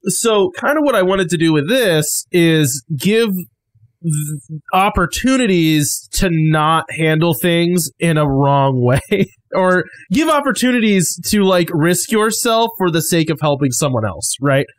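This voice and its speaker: Male game master, a little high-pitched, casual rambling talk with easy laughs, dry close mic. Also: expressive, a little slow, dry recording. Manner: laughs easily, rambling with many fillers. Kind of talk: casual podcast chat.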